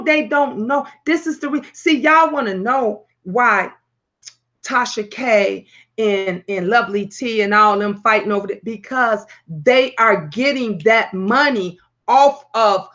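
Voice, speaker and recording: A loud, brash woman hosts her own talk show, cursing freely as she tells animated stories. Her voice sits high and bright, and the audio is slightly muffled and lo-fi. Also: a little slow. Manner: brash, profane, animated storytelling. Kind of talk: casual vlog talk.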